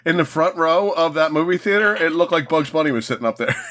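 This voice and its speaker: A man with a slightly higher voice chats casually with friends on a podcast. He keeps tossing in jokes and laughs. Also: animated, brisk, fairly bright tone. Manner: joking and laughing often. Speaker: podcast co-host. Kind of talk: casual chat.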